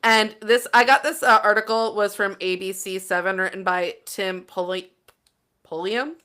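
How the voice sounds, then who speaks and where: A woman co-hosting a casual podcast, animated and giggly as she reads out a news story. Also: medium pitch, normal speed, clean tone. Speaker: podcast co-host. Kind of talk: casual chat.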